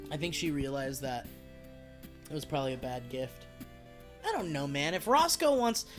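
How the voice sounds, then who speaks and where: Rambling, profane man streaming a game. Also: a little high. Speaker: live-stream gamer. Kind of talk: casual game commentary.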